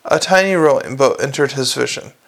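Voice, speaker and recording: A man's voice: mid-range voice, fairly quick, vocal fry, a bit bright. A man reading a comic fantasy novel aloud, with a dry, wry delivery. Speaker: audiobook narrator.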